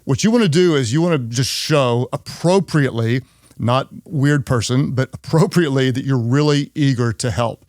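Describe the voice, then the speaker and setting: A man's voice: normal speed, a little mellow, dry recording, clean studio sound. A middle-aged man hosting a leadership podcast. He teaches earnestly and repeats key phrases for emphasis. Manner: acts out quoted people in higher voices. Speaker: podcast host.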